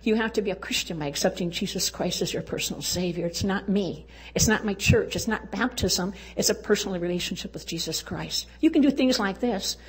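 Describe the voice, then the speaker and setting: Older woman, husky, folksy church speaker. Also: mid-range voice, lively intonation, normal speed. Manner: folksy, exuberant, cheerleading exhortation. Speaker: women's conference speaker. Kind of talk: testimony talk at a church women's event.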